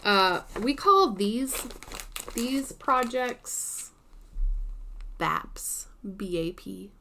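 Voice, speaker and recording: Slow-talking woman chatting about her stitching. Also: a little high, expressive, slight background noise. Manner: chatty, unhurried, with soft asides. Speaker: cross-stitch vlogger. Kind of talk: casual show-and-tell chat.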